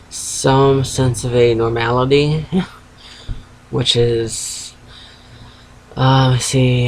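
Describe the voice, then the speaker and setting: A man's voice: mid-range voice, slight background noise, rough recording. A man in his thirties with a fading East Coast US accent, talking frankly in a rambling video diary at home while feverish and sedated. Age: 30s. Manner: rambling, frank, swears casually, self-interrupting. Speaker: vlogger. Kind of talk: casual confessional video diary. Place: at home by a computer.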